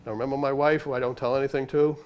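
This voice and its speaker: A man's voice: mid-range voice, level tone, rapid-fire, a little mellow, slight background noise. An older man, a retired undercover agent telling stories to a library audience in a punchy, conversational way. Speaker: author and former undercover agent giving a library talk. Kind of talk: storytelling talk to an audience. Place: library meeting room.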